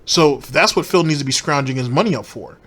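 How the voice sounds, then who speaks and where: A man's voice: fairly high pitch, a little fast, a bit bright, husky. A man hosting a commentary channel, ranting in a rambling, sarcastic and profane way.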